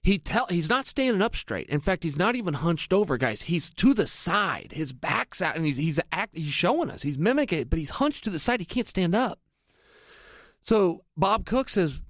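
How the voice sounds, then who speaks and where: Middle-aged guy spinning an energetic story, high voice bouncing all over. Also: moderate pace, no echo, studio quality. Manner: energetic, addresses listeners directly. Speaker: MMA analyst. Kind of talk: animated anecdotal storytelling.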